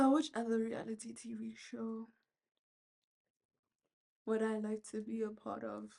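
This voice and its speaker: Speaking a little high but flat and slow, with a gravelly texture, this young vlogger from South Africa gives strong, candid opinions while braiding her hair. She's at home near some ducks, talking on a phone video call that uses noise cancelling.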